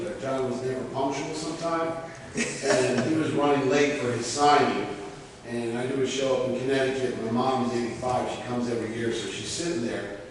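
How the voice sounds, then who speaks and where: A man telling stories on a convention panel in a casual, animated way, acting out other people's lines as he goes. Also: medium pitch, background noise. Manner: animated, acts out voices in anecdotes. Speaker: convention organizer. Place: large convention hall, mic from afar. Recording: echoey hall, heard from far off.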